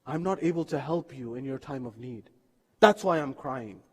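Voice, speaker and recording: A man's voice: medium pitch, expressive, normal speed, slightly rough, voice pushed down. A man voicing a grieving, humble holy man who apologizes earnestly. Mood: sorrowful. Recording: long reverb of a mosque hall.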